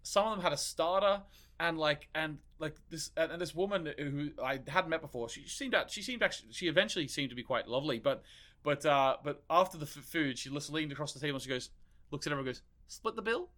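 A man's voice: on the high side, fast talker, a bit bright. A man co-hosting a podcast in casual, rambling chat, swearing freely. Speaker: podcast co-host.

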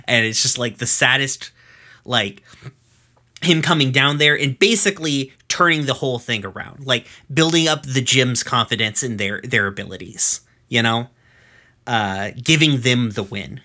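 Bright-voiced man in his thirties rambling casually. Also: mid-range voice, moderate pace. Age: 30s. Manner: rambling and profane, with frequent fillers and restarts. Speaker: podcast host recapping episodes. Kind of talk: casual chat.

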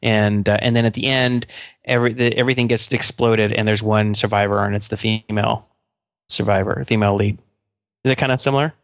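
A man co-hosting a podcast in casual chat, talking haltingly with stammered restarts. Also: on the low side, fairly even intonation, clear, resonant tone, no echo, clean studio sound. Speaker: podcast co-host.

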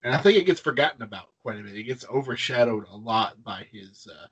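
A man's voice: mid-range voice, expressive, quick pace, breathy edge, muffled recording. A man co-hosting a casual film podcast, retelling favorite scenes enthusiastically, with frequent restarts. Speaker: podcast co-host. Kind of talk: casual film-discussion chat.

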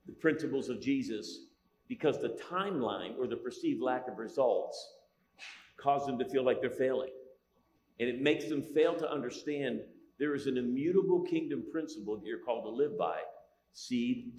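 Joking pastor in an echoey hall. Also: male voice, mid-range voice, a little mellow. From Italian-American. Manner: joking, storytelling, many restarts. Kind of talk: humorous sermon. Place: large church hall.

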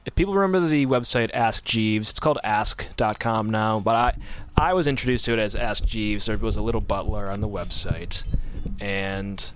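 Smooth-voiced rambling male podcast host. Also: lowish voice, moderate pace, a bit bright. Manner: rambling, self-correcting storyteller. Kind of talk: casual chat.

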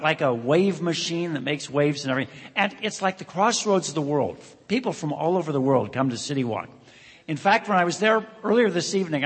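A man's voice: on the high side, a bit bright, husky. A man hosting an awards ceremony, telling a playful joke story to a live audience in a large hall. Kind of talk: joking emcee remarks to an audience. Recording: reverberant hall sound.

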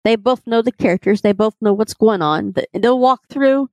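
A woman with a Texan accent, co-hosting a casual podcast and telling stories in a chatty, quick way. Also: a little high, no room sound. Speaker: podcast co-host.

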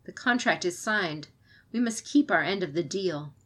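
A woman narrator plays a weary but resolute female clan leader in a spoken story. She speaks in a measured, firm way, holding to duty. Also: fairly low pitch, lively intonation, fairly bright tone.

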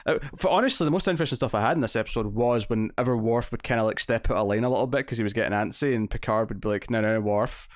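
Male podcast co-host, mid-pitched, rambly, dry close sound. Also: rapid-fire, hardly any pauses, no echo. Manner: rambling, lots of fillers and restarts. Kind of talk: casual chat.

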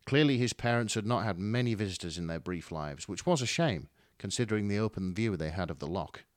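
A man narrating a fan story with a dramatic, wry delivery. His voice sits on the low side yet moves very expressively. The recording is close and dry. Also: lively intonation, brisk, no echo. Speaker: story reader. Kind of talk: expressive fan fiction reading.

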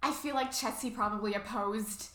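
Giggly young woman recapping a movie. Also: a little high. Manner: giggly, animated retelling with quick asides. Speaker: podcast co-host. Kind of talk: casual movie recap chat. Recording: roomy echo.

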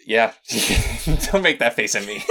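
A man's voice: mid-range voice, vocal fry, sharp tone, breathy edge. A man playing a character at a tabletop game, talking in a hesitant, playful way with many restarts. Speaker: player. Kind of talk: tabletop role-play chat.

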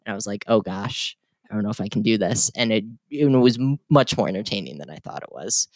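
A man's voice: on the low side, lively intonation, brisk, darkish tone, no echo. A man co-hosting a casual film discussion, chatty and opinionated, with frequent fillers and restarts. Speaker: podcast co-host.

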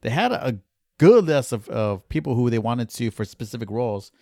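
A man's voice: medium pitch, very animated, normal speed, vocal fry, darkish tone, no echo, studio quality. A man co-hosting a podcast, telling a casual story with some stumbles. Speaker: podcast co-host. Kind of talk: casual chat.

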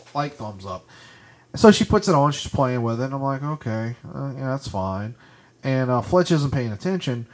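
A man co-hosting a podcast, telling a story in casual chat, getting louder and higher as it builds. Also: moderate pace. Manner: animated storyteller, gets loud and high when retelling. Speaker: podcast co-host. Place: podcast studio.

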